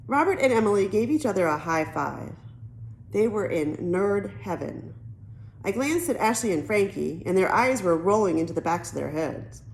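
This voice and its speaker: A woman narrating a children's novel as an audiobook, telling the story in a lively way. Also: mid-range voice, normal speed, gravelly, a little hiss or hum, rough recording. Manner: lively storytelling, switches into character voices. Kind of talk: reading a children's novel aloud.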